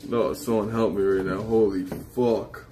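A man livestreaming outdoors, talking in a rambling, profane, agitated way while high and paranoid. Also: fairly even intonation, unhurried, heavy background noise. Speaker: IRL livestreamer. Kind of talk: live street streaming.

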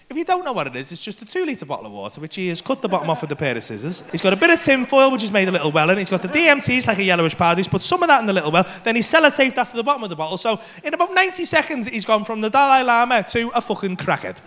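A man doing animated stand-up storytelling in a comedy club, swearing freely and acting out voices. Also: high-pitched. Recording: live comedy club set.

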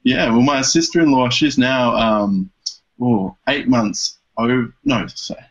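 A man's voice: mid-range voice, unhurried. A man with dry humour, telling a story as a guest on a casual podcast. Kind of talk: casual interview chat. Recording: dull lo-fi podcast audio.

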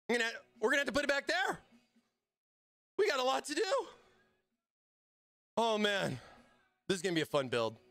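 A man hosting a casual livestream, excitable and hyped, talking straight to his chat. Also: very high-pitched. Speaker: livestream host.

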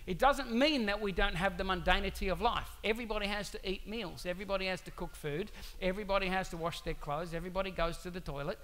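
A male pastor preaching to his church in a conversational, animated way, full of rhetorical questions. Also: high-pitched, fairly quick. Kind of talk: sermon.

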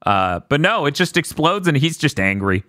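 Lively, bright-voiced man recapping a movie. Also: on the high side, moderate pace, dry recording, clean studio sound. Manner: animated, jokey, slips into silly voices for characters. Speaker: podcast host recapping a film. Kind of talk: casual comedic movie recap.

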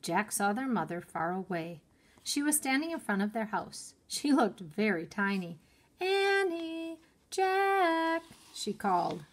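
A woman teacher reading a children's chapter book aloud in an expressive storytelling manner. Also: medium pitch, normal speed.

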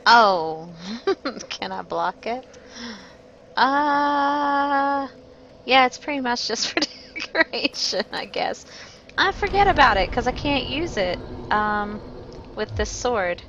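Bright, chatty woman streamer. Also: a little high, expressive, slow, long pauses, lo-fi sound, a little hiss or hum. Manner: chatty and self-mocking, greeting chat viewers. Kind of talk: casual gameplay commentary.

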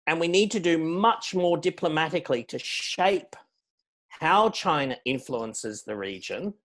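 Man, middle-aged, public lecture, measured delivery, slightly raised voice. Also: on the high side, expressive, a bit bright. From Australia. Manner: measured, anecdotal, stresses key words. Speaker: guest speaker on foreign policy.

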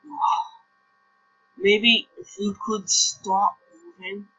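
A man's voice: high-pitched, level tone, drawn-out words, pushed and bright, husky, dull audio. A young man with a Norwegian accent, casually commenting on a game and puzzling aloud as he plays. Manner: puzzled, thinking aloud, repeats himself. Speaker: gameplay commentator.

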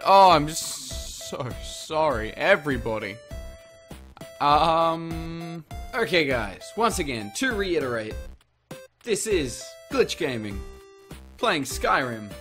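A male gaming host rambles through a playthrough, cursing and joking at an unhurried, slow pace. His pitch bounces around in a lively way, and faint music sits under the talk. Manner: rambling, jokey, heavy swearing. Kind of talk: let's play commentary.

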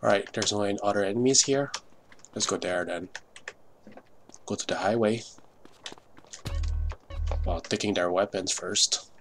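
A man's voice: on the low side, unhurried, long pauses, over music. A man giving live gameplay commentary, swearing often in frustrated outbursts over keyboard clicks. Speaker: gamer.

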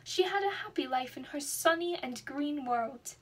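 A young woman reading a children's storybook aloud in an expressive, dramatic way. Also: high voice, normal speed. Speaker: student reader.

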